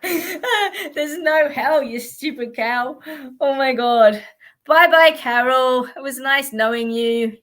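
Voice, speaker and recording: A woman's voice: high-pitched, slow, a bit bright. Blunt, sweary Australian woman. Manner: blunt, sweary, laughing often. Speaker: psychic. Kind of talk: casual live-stream chat.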